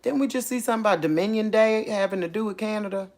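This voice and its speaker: A woman, hosting a casual faith channel, talking excitedly and thinking aloud, repeating herself as she works things out. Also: medium pitch, fast talker. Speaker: online faith channel host. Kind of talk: casual livestream talk.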